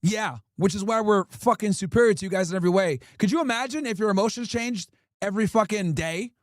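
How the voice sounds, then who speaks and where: Brief: high-pitched man, stream host, blunt profane rants, dry close sound. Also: fast, no echo. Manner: profane, blunt, emphatic ranting. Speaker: livestream host. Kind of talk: casual streaming rant reacting to clips.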